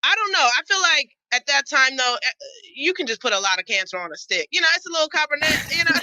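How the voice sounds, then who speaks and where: A woman's voice: high-pitched, fast talker, dry recording, low-quality recording. A woman comedian with Jamaican family, chatting and joking loosely on a podcast, swearing and laughing as she tells stories. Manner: animated, swearing, laughing storyteller. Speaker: comedian guest. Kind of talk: casual comedic podcast chat.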